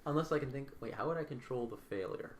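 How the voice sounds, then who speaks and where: A man's voice: mid-range voice, fast talker. A man playing a tabletop game as a player, talking casually, asking questions and swearing now and then.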